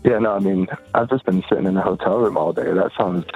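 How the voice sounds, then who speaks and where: Low gravelly guy calling in, chill, lots of likes, tinny phone sound. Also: quick pace, soft background music. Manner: relaxed, filler-heavy. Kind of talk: casual chat.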